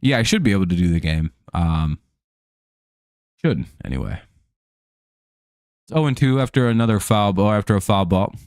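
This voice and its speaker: A man's voice: on the low side, lively intonation, normal speed, long pauses, darkish tone, no echo, clean studio sound. A man hosting a live stream, casually commenting on a baseball game, rambling with many fillers and restarts and frequent chuckles.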